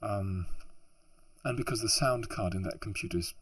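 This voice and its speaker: Guy with a sore throat going off on a rambly exasperated rant at home, low voice, dead dry sound, lots of sighs and restarts. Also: normal speed, fairly bright tone, husky, no echo. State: sore throat, hot and sweaty. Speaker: amateur audiobook narrator. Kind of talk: frustrated off-script rant. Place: home recording setup. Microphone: laptop mic behind a makeshift pop filter.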